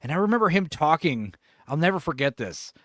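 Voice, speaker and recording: A man in his forties hosting a podcast in casual chat, laughing, swearing and doing animated impressions. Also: a little high, fairly quick, no room sound, clean studio sound. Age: 40s. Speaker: podcast host.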